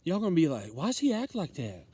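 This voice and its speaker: A man's voice: fairly high pitch, huge pitch swings, fast, mellow, breathy edge, no room sound. A man giving a rambling, impassioned livestream monologue, swearing freely. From United States. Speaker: livestream host.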